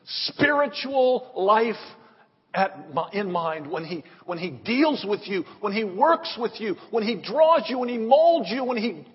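A man preaching a sermon, swinging between loud emphatic rises and hushed drops. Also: high voice, sing-song, a little slow, slightly rough, big-room sound, dull audio. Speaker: pastor.

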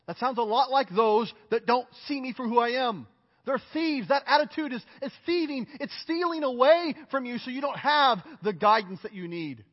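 A man's voice: very high-pitched, moderate pace. A male pastor preaching a sermon in an earnest, emphatic way, repeating his phrases and joking at his own expense. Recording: reverberant hall, dull lo-fi sound.

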